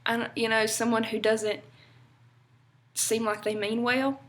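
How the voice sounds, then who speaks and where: A woman's voice: on the high side, flat delivery, unhurried, fairly bright tone. A young woman from North Carolina with a Southern accent, chatting casually to camera in a rambling way with lots of fillers. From North Carolina, USA. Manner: chatty, rambling, many fillers and little laughs. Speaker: vlogger.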